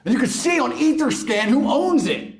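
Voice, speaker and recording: A whiny, insistent young crypto bro, put on by a man mocking him. The voice sits high and swings up and down as he pushes his point. It carries the echo of a roomy space. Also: lively intonation, moderate pace, gravelly, exaggerated voice. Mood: pushy.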